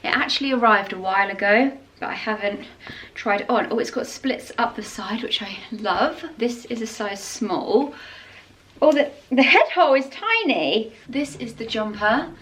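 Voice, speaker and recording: A woman's voice: mid-range voice, normal speed, a bit bright. A young woman, chatting enthusiastically in a casual home vlog about decor and clothes. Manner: gushing, enthusiastic product chat. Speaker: lifestyle vlogger.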